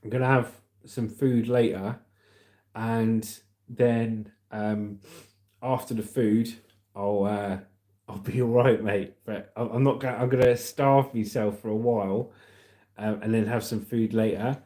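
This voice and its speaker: His voice is on the low side, steady and dark, and he speaks unhurriedly. He's a British man running a casual livestream, cheerfully chatting, reading viewers' comments, and calling them "mate" or "legend."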